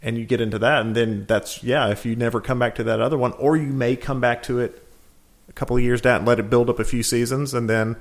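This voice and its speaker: A man's voice: medium pitch, fairly even intonation, fast talker. A man co-hosting a casual podcast, talking in an easygoing, anecdotal way about watching shows. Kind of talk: casual chat.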